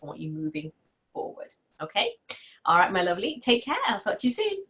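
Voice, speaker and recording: A woman coach talks straight into her computer camera in a casual, upbeat way. She is encouraging and keeps checking in with her listener as she explains. Her voice sits at an everyday middle pitch. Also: wildly swooping pitch, fairly quick, sharp tone, poor audio. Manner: upbeat, encouraging, peppered with "okay?". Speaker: business coach and podcast host. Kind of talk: casual solo talk to camera. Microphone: computer camera and mic at home desk.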